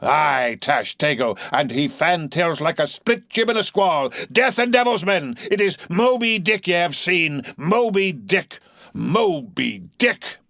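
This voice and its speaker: A furious old sea captain , put on by an audiobook narrator, roars out his obsession in raised, thundering tones. The voice sits high for a man and sounds dry and close, with no room around it. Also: very animated, measured pace, few pauses, a bit bright, no echo. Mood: raging. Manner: impassioned, thundering, biblical speech.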